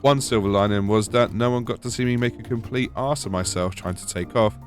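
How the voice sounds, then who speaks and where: A British man with a lowish voice narrates a gaming video in a dry, sarcastic way. Soft music plays underneath. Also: brisk. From United Kingdom. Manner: wry, sarcastic. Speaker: gaming YouTuber. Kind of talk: scripted gaming voice-over. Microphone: voice-over.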